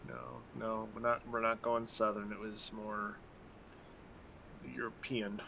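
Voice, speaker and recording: A man's voice: fairly low pitch, monotone, unhurried, pushed and bright, slight background noise. A man chatting casually while playing a game, joking and laughing often. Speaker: co-streamer. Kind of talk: casual chat while gaming.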